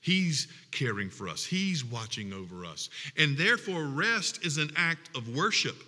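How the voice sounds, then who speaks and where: Bright-voiced male pastor preaching in a reverberant hall. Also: on the high side, big pitch swings, a little slow. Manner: preaching with rising emphatic passages and humorous asides. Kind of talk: sermon.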